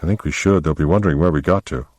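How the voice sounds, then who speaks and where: A man reading a novel aloud, voicing a wry, amused woman who giggles and teases, raising his deep voice. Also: racing, darkish tone, no echo. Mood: soothing. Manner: giggly, teasing.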